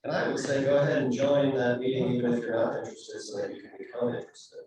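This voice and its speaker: A man's voice: mid-range voice, quick pace, a crowd in the background. A man runs through announcements at a club meeting in a casual, joking manner. His voice comes from some distance away and rings around a very echoey room. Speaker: meeting leader.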